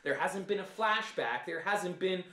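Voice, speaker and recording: A man co-hosting a casual fan podcast, laying out his points step by step in an animated, argumentative way. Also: high voice, a little slow, roomy sound. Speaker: podcast co-host.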